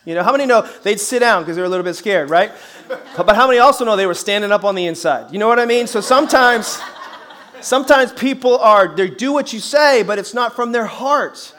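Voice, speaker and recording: Middle-aged man, pastor, very high voice, energetic sermon delivery with folksy humor and shouted emphasis. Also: fairly quick. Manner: energetic, emphatic, rising to shouts on key phrases; folksy humor with repeated rhetorical questions. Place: church service before a congregation.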